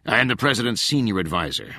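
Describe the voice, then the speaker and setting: A man voicing a raspy, icy woman advisor. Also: on the low side, big pitch swings, quick pace, sharp tone, no room sound, studio quality, voice pushed up, heavily acted. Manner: icy, clipped and scolding. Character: raspy stern female presidential advisor, cold.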